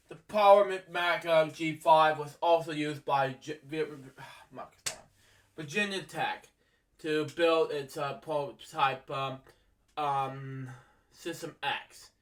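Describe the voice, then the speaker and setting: A young man reading facts aloud in a halting way, stumbling over words, full of ums and apologies for misspeaking, recorded from a distance. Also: a little high, fairly even intonation. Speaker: amateur video maker reading facts aloud. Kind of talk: halting read-aloud narration. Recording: voice from a distance from the mic.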